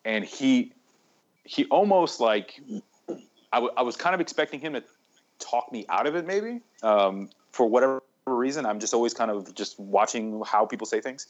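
A man telling his story as a guest in a relaxed chat, rambling with many fillers and restarts. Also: mid-range voice, moderate pace. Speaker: cigar maker guest. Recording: slightly dull lo-fi sound.

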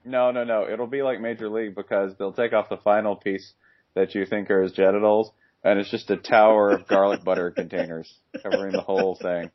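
A man with a fairly low voice riffs through casual sports banter, joking fast and sometimes breaking into loud bursts. The recording is dull and lo-fi, like a home podcast setup. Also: level tone. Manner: quick jokey riffing, sudden loud outbursts. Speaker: podcast co-host. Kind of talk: casual comedic sports chat.

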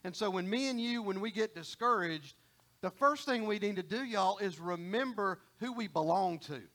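A man's voice: high voice, lively intonation, moderate pace, a bit bright. A middle-aged man preaching a sermon in a folksy, conversational way, often repeating and restarting phrases.

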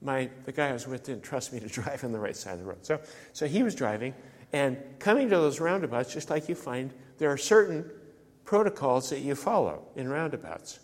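A man's voice: medium pitch, big pitch swings, a little fast. A man delivering a sermon as a pastor, talking conversationally and putting rhetorical questions to the congregation. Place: church. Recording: church sanctuary with long reverb.

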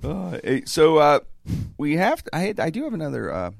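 A man's voice: fairly high pitch, huge pitch swings, moderate pace, creaky, dry recording, clean studio sound. A man hosting a podcast, telling stories in rambling casual banter full of restarts and chuckles. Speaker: podcast host.

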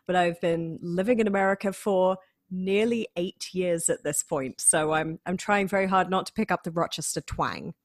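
Woman around thirty, northern English accent, lower pitch, dry close sound, laughing storyteller. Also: normal speed, dry recording. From Manchester, England. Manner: lively storyteller, laughs often, acts out quotes. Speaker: guest harpist. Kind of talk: casual interview chat.

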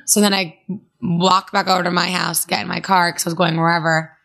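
A young woman co-hosting a casual podcast, her voice bright and crisp. She tells her story with expressive gasps and wry asides. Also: lowish voice, a little fast. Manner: expressive, gasps and quips while telling a story. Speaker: podcast co-host. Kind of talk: casual chat.

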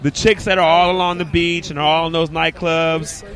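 A man, a comedian guest, talking loudly and animatedly in a casual banter interview, recorded outdoors at a live venue. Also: fairly high pitch, moderate pace. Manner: loud, animated, keeps talking over others.

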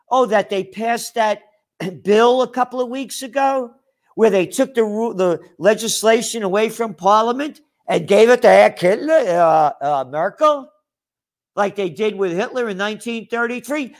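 A man's voice: high voice, lively intonation, unhurried. A man hosting a ranting news commentary, angry and sarcastic, mocking his targets with outraged asides. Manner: mocking asides, blah blah dismissals. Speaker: host.

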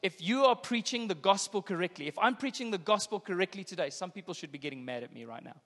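A high-pitched male pastor delivers a sermon in an emphatic, repetitive style that keeps building in intensity. His voice rings out with a long reverb, as if he were in a large hall. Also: animated, fast talker, fairly bright tone.

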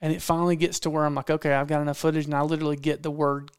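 Man, casual hunting story, animated, repeats lines for punch, slightly high voice, dry close mic. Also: racing, clear, resonant tone, dry recording. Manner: animated, acts out quotes, repeats phrases for effect. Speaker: podcast guest storyteller, hunting videographer.

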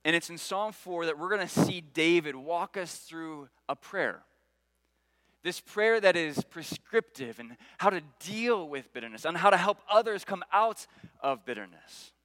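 A man's voice: on the high side, animated, measured pace, bright, forceful tone, no room sound, rough recording. A man preaching a sermon, earnest, repeating key phrases and rising when he voices prayers. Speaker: pastor.

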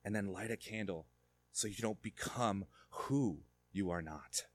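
A man preaching a sermon, moving between quiet reflection and fervent, rising emphasis. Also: on the low side, measured pace. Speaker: pastor.

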